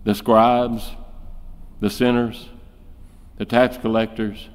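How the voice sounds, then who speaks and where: In a large hall with long reverb, a man preaches a sermon in a smooth, mid-range voice, keeping a level tone and a slow pace. He's emphatic, firing off rhetorical questions to drive his points home, and he acts out the speech he quotes in shifting voices.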